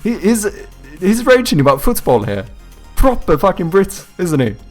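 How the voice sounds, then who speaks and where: A young man who streams and develops games chats live from home in a high voice with huge pitch swings and a moderate pace, faint music playing behind him. He reads viewers' messages aloud and answers them, swearing freely and laughing often.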